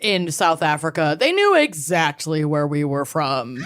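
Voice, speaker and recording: A woman's voice: low voice, expressive, a little slow, fairly bright tone, dry recording. An American woman co-hosting a podcast, talking loosely and bluntly in casual chat, swearing and joking. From United States. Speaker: podcast co-host.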